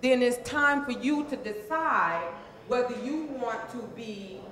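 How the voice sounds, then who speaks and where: A woman with a fairly high, fairly bright voice speaks expressively and without hurry, working as a transformational coach at a motivational seminar. She calls out for responses from the live audience and repeats phrases for emphasis, and the hall she's in is very echoey.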